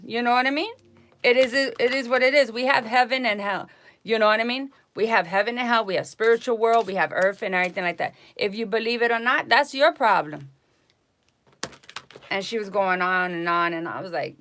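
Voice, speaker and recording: Animated woman tarot reader chatting live. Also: fairly high pitch, moderate pace, slight background noise. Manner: animated, indignant storytelling with repeated asides. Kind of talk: casual live-stream chat to viewers.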